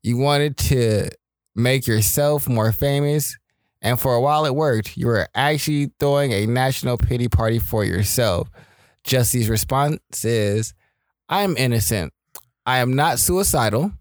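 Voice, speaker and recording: A man's voice: mid-range voice, unhurried, dry recording. A young man co-hosting a casual podcast chat, blunt with dry reactions. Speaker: podcast co-host.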